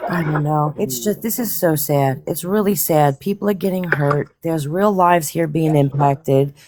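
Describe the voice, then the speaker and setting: A woman's voice: deep voice, measured pace, noisy background. A woman on a live call, exasperated and pleading. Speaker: live stream guest. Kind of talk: casual chat.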